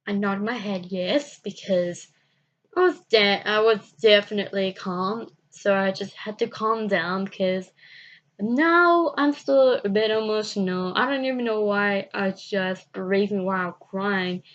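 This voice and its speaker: Woman rambling through a story on her vlog, slow and halting, keeps restarting, kinda muffled lo-fi audio. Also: mid-range voice. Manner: halting, repetitive, restarts often. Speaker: vlogger.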